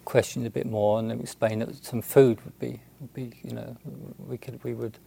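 A man, a Buddhist monk, telling a story in a halting, unhurried way with many restarts and fillers. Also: mid-range voice, level tone, vocal fry, mellow, a little hiss or hum. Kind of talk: storytelling talk.

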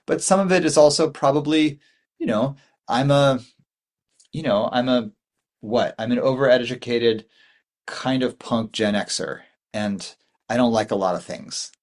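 A man in his forties giving a dharma talk as a Buddhist meditation teacher, rambling and thoughtful, with many fillers and restarts. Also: medium pitch.

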